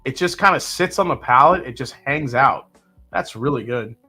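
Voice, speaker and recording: A man's voice: medium pitch, normal speed, breathy edge, soft background music. A man hosting a live whiskey tasting, chatting casually and reading out viewer comments. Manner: relaxed, chatty, with fillers and sips. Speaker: whiskey livestream host.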